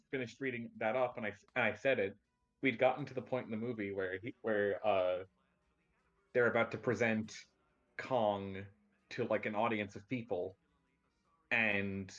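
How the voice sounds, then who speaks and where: A man's voice: on the low side, steady tone, moderate pace, fairly bright tone, dull audio. A man in casual group chat on a stream, telling a rambling anecdote full of fillers and restarts.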